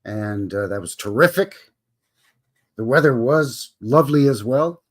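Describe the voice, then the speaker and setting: A man's voice: medium pitch, lively intonation, a little slow. A man from Alberta with a Canadian accent, hosting a live stream in a rambling, folksy way and greeting viewers by name. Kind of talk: casual live-stream chat.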